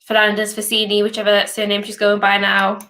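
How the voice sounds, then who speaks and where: A young woman from northeast England with a softened Geordie accent and a sore throat, chatting casually as host of a hackathon livestream Q&A. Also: medium pitch, completely flat delivery, a little fast. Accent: softened Geordie, somewhat posh. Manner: chatty, reads questions aloud, hums while waiting.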